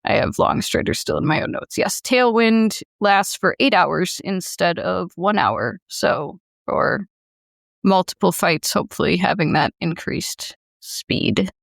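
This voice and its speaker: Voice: mid-range voice, lively intonation, measured pace, vocal fry, fairly bright tone, no room sound, clean studio sound. A player chatting casually at a tabletop game, explaining choices.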